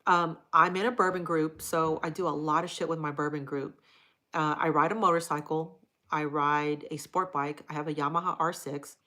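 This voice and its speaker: Middle-aged woman, livestream host, low-ish voice, blunt, casual and profane. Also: fairly even intonation, normal speed, pushed and bright. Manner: frank and profane, chatty. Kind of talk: casual live chat reading viewer comments.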